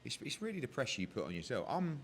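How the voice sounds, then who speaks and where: A man who works as a boxing promoter, talking candidly in a casual interview, animated and swearing freely as he tells stories. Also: mid-range voice, fast talker, a little hiss or hum. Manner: animated, heavy swearing, emotional storytelling.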